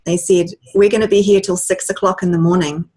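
A woman guest on a video-call interview, telling a personal story in a lively way and laughing often. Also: lowish voice, brisk, breathy edge. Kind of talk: casual storytelling.

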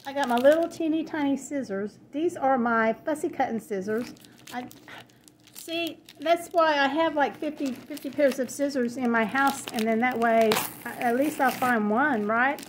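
Woman, chatty crafting vlogger, gushing, fairly high voice, faint background hiss. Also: normal speed. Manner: chatty, gushing, easily delighted. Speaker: crafting vlogger opening happy mail. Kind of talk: casual chat. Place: at home. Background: paper crinkling, dogs in the house.

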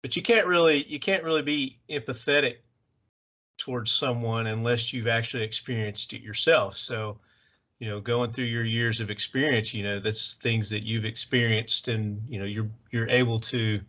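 A man with a Southern Tennessee accent hosting a casual podcast interview and asking relaxed follow-up questions. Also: medium pitch, normal speed. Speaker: podcast host. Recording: lo-fi dull audio.

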